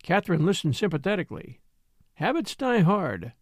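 A man narrating an audiobook in a measured storytelling manner, also voicing a wry country doctor. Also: high-pitched, big pitch swings, no room sound, clean studio sound. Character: middle-aged country doctor, dry and wry. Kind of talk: audiobook reading.

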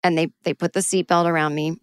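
A middle-aged woman telling a personal story in a lively way, acting out her own frantic voice in sudden high bursts. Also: fast, smooth, dry recording, studio quality.

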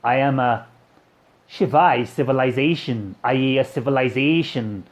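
A man's voice: medium pitch, normal speed, natural voice. A man channeling an alien messenger named Tahini, with an odd put-on foreign-sounding accent, mispronounced words and rambling repetitive cosmic phrases. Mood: solemn. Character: solemn alien messenger Tahini, male, grandiose. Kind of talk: channeling session.

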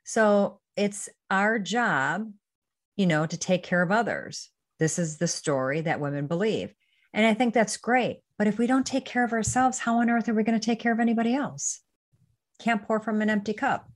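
A woman's voice: mid-range voice, normal speed. A woman wellness coach, a guest on a podcast, talking in a chatty and earnest way. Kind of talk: casual interview chat.

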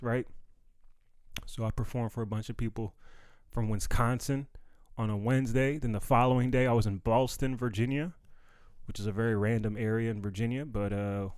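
A man's voice: mid-range voice, a little mellow, clear, resonant tone, dry recording. A young man, a comedian recovering from bronchitis, talking casually and loosely on a solo podcast with slangy filler-heavy speech. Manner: loose slangy street talk, lots of fillers and "you know what I mean". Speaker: stand-up comedian and podcast host.

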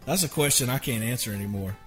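A man's voice: medium pitch, fast talker, a bit bright, soft background music. A man, a songwriter guest, telling stories in a rambling, self-interrupting way with frequent chuckles. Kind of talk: casual storytelling interview.

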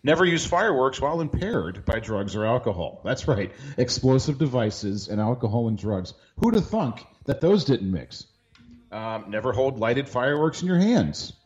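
Wry, lively-voiced male podcast host. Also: mid-range voice, normal speed, dull audio. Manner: dry, joking. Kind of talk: casual comedic chat.

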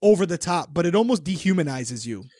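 Give me a male host with a high voice talking in an earnest, reflective way. The recording is dry and close, with no room sound. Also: sing-song, brisk, mellow, no echo. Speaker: podcast host. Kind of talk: casual chat.

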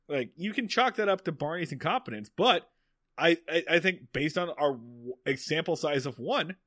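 Young man, podcast co-host, sarcastic jokes, dry close sound, bright tone. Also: on the high side, no room sound. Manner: joking, sarcastic, quick asides. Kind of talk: casual chat recapping a TV episode.

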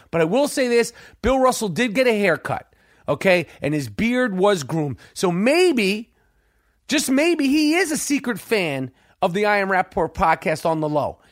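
A man hosting a podcast, telling a profane story in a loud, animated way and acting out other people's lines. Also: moderate pace, dry recording, studio quality. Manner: animated, profane, swings pitch acting out quotes. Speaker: podcast host.

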